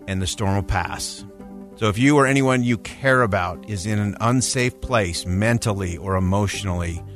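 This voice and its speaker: A man giving an earnest public address on a news broadcast, measured and emphatic, with frequent "uh" fillers. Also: fairly low pitch, dry recording, clean studio sound.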